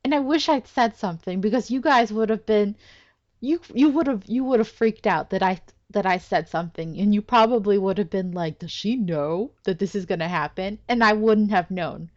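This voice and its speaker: A woman giving casual commentary as she plays a game, excitable, exclaiming and laughing often. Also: mid-range voice, moderate pace, highs cut off. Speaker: let's play gamer.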